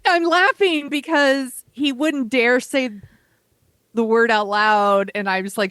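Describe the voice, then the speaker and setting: A woman's voice: on the high side, fairly bright tone, dry recording. A woman co-hosting a podcast, reacting to a story in casual chat and laughing easily. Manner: reactive listener, quick to laugh. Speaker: podcast co-host.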